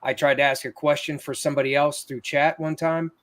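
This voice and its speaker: A man who tells his stories earnestly in a relaxed conversation. His voice sits a little higher than most men's. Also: fairly quick. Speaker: paranormal investigator. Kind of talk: casual chat.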